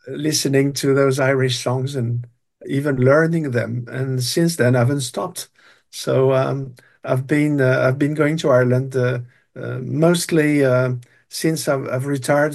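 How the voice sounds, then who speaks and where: Chatting casually as an interview guest, this retired Breton man in his sixties speaks with a French accent, halting frequently, using many fillers and starting over. His voice is medium-pitched, a little mellow, with vocal fry.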